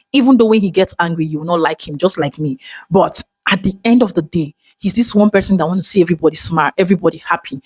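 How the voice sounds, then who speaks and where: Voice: mid-range voice, husky, no echo. Dramatic, heartfelt Nigerian-accented vlogger. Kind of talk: emotional personal monologue.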